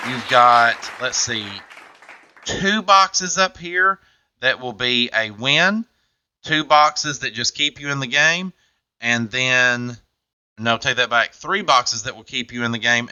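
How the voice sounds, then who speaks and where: A man's voice: mid-range voice, slow, bright, forceful tone, clear, resonant tone, no echo, some chatter behind. A man hosting a game show, with upbeat, jokey patter.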